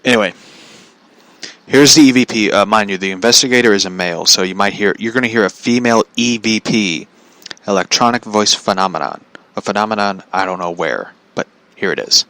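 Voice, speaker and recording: A man hosting a podcast in a casual chat, rambling and halting, with many "like" fillers and chuckles. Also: on the low side, pushed and bright, no echo. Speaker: podcast host.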